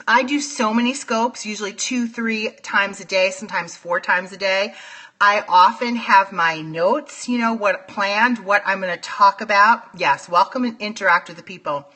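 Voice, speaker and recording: A woman's voice: medium pitch, sharp tone. A woman with a New York accent hosting a casual phone livestream from home, gushing as she greets viewers by name. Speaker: livestream host.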